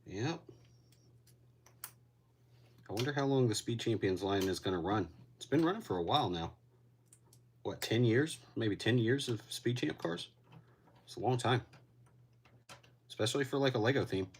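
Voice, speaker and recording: A man's voice: medium pitch, lively intonation, moderate pace, pauses often, slightly rough. A man getting over a cold, a little winded, chatting casually to a live-stream audience while he builds. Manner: laid-back, rambling, reacts to chat. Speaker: LEGO builder streaming to chat.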